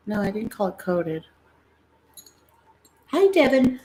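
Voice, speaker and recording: A woman's voice: medium pitch, big pitch swings, slow pace, darkish tone. A middle-aged American woman hosting a livestream, telling rambling family stories in a casual, chatty way and slipping into voices of her relatives. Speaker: livestream host selling bags.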